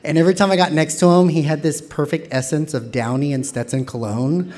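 A man telling a personal story on stage, expressive and playful with self-mocking humor. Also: fairly high pitch, brisk.

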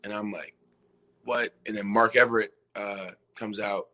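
Bright-voiced young man telling a story. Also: fairly low pitch, level tone, normal speed. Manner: rambling, retells scenes by quoting himself and others. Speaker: podcast guest, former college basketball player. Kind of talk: casual storytelling interview.

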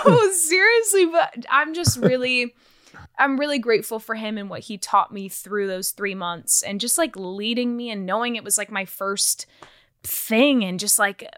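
A woman's voice: medium pitch, normal speed, fairly bright tone, clean tone, no echo. A young woman guest in a casual interview, chatty and full of "like" fillers. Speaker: guest actor.

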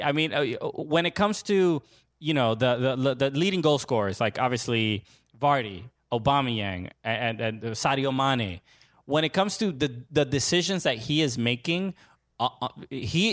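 Male co-host, casual sports chat, halting delivery with lots of restarts, slightly high voice. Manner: halting, many restarts and fillers. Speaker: podcast co-host.

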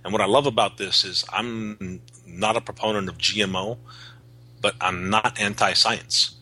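Husky-voiced man explaining breeding work. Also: lowish voice, steady tone, normal speed, sharp tone, poor audio. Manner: earnest, explanatory, with restarts. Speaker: guest, cannabis seed breeder. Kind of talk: podcast interview.

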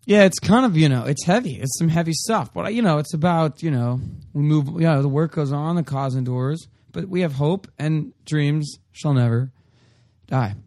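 A man's voice: fairly high pitch, fairly quick, few pauses, a little mellow, no echo. Easygoing young man, dry sound. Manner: easygoing, self-deprecating. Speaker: podcast co-host. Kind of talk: casual chat.

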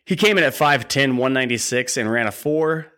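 A man's voice: medium pitch, fairly quick, fairly bright tone. A man hosting a sports podcast, talking in a chatty, joking, enthusiastic fan manner. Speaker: podcast host. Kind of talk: casual sports podcast talk.

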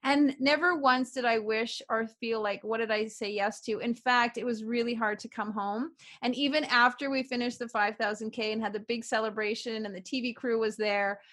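A middle-aged woman from Canada talks on a remote interview with a fairly high, bright-sounding pitch. She tells her stories in an animated, upbeat way and keeps circling back to repeated affirmations. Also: normal speed, hardly any pauses. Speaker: guest, author and publisher. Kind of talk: casual interview chat.

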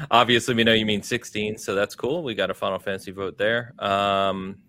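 A man's voice: lowish voice, normal speed, bright, forceful tone, a little hiss or hum. A man hosting a casual gaming podcast, running through a list of release dates and viewer comments. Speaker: podcast host. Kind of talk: casual chat.

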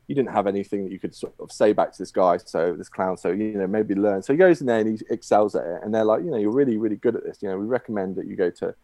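A man's voice: lowish voice, dark tone, no echo. Male guest, rambling storyteller, lots of fillers, dry recording. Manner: rambling, many fillers and restarts. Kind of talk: telling a long shaggy dog joke.

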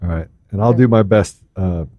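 A man's voice: low voice, normal speed, no room sound, dull audio. A man hosting a podcast in casual, playful banter, laughing with his guests. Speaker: podcast host. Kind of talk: casual chat.

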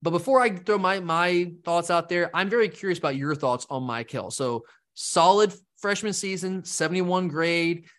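A man co-hosting a sports podcast, talking fast and rambling, with lively asides. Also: high voice. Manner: animated, rambling, mimics fans in quotes. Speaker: podcast co-host. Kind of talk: casual sports talk.

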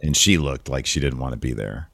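A deep-voiced man chatting animatedly on a podcast, throwing in quick profane asides. His voice is dry and close to the mic, with no room around it. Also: gravelly, fairly bright tone, no echo. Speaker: podcast co-host. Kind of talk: casual wrestling review chat.

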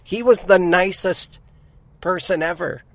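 A middle-aged man from Montana has a high, fairly bright voice and speaks a little slowly, with no echo. Co-hosting a podcast in casual chat, he tells long rambling stories, interrupting himself and restarting.

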